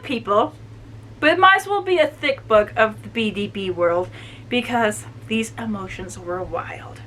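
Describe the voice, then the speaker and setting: Chatty woman recapping a book, animated. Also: fairly high pitch, a little slow, a little hiss or hum, rough recording. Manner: chatty and animated, many "like" fillers. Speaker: book reviewer. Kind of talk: casual book review recap.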